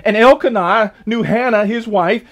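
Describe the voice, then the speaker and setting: Guy preaching w/ real passion, very high voice, keeps repeating himself. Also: moderate pace. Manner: fervent, repeats words for emphasis. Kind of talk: sermon. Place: church service streamed online.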